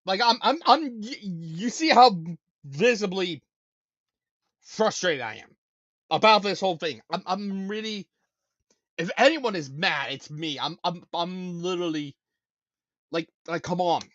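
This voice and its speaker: A high-pitched man hosts a casual live stream, talking in a ranting, stammering way that circles back on the same words again and again. His voice is dry and close, with no room sound, and the audio is dull and lo-fi. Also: lively intonation, unhurried, pauses often, fairly bright tone, no room sound. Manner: ranting, stammering, repeats himself. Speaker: show host.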